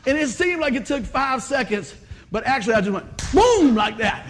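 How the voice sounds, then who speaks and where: A middle-aged man preaching a comic storytelling sermon, animated and laughing, with bursts of shouted exclamations. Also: extremely high pitch, brisk. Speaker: pastor.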